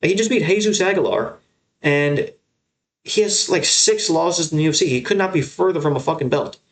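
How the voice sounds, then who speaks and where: Young man, slightly high voice, blunt profane rant, solo recap host. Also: animated, brisk. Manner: blunt, profane, heated ranting. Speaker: MMA show host.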